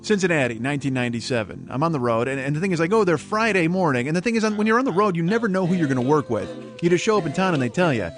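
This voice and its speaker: A male comedian rattling off a scripted road story, quick and wry, with his voice sitting fairly high. Music plays clearly beneath him. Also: animated. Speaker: podcast host and comedian. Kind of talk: scripted comic monologue.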